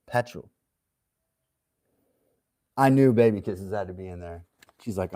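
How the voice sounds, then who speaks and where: A man's voice: low-pitched, a little slow, pauses often, warm tone. A man hosting a livestream in casual chat, joking around and laughing often as he rambles. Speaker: livestream host.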